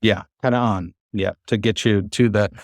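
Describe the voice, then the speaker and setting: A man with a fairly low voice leads a Hebrew lesson over a video call. He is patient and encouraging and slows down to sound words out. The sound is dry and close. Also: no room sound. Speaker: Hebrew teacher. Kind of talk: online class teaching.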